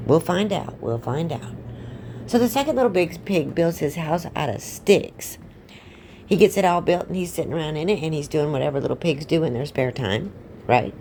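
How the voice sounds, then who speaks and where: A woman's voice: deep voice, lively intonation, brisk, mellow, a little hiss or hum. A woman casually retelling a fairy tale with rambling, offhand, irreverent asides. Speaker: storyteller. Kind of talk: casual comic storytelling.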